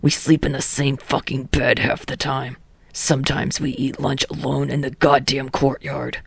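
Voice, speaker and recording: A woman's voice: rumbling low, level tone, moderate pace, gravelly, husky, dry recording, voice pushed down, full character voice. A woman voicing a foul-mouthed, furious teenage boy student hero in a podfic reading, blunt and crude. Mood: exasperated. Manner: crude, blunt, shouting in anger.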